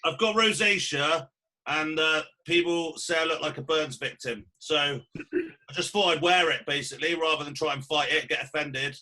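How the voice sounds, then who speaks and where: A British man trades crude, blunt banter in casual podcast chat. His voice is bright and sharp and sits slightly high. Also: moderate pace. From United Kingdom. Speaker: podcast co-host.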